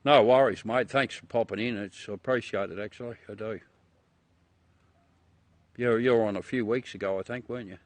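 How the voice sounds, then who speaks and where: Showing off the moon through his telescope, this middle-aged Australian livestreamer jokes, swears and laughs often in a relaxed chat with viewers. He speaks at a normal speed in a fairly low, steady voice, leaving long pauses, and there's no room sound.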